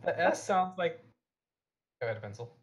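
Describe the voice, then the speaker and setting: A man's voice: fairly high pitch, expressive, normal speed. A man co-hosting a podcast who chimes in casually with dry, teasing asides. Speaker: podcast co-host.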